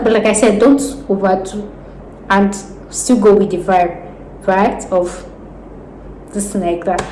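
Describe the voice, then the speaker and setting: A Nigerian woman with a Nigerian accent, giving casual job advice in a vlog, animated and laughing often as she talks with her hands. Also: mid-range voice, unhurried. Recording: roomy echo with faint background noise.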